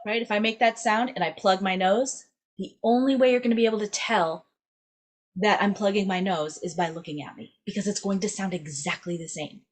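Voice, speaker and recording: A woman's voice: mid-range voice, brisk. A young adult woman teaching a singing lesson, upbeat and demonstrative, checking in with "right?" after nearly every phrase. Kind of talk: vocal lesson to camera.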